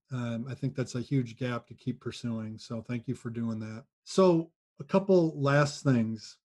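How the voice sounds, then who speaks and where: A man's voice: mid-range voice, a little mellow. A man hosting a podcast, chatting casually and encouraging his guests. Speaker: podcast host. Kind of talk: casual interview chat.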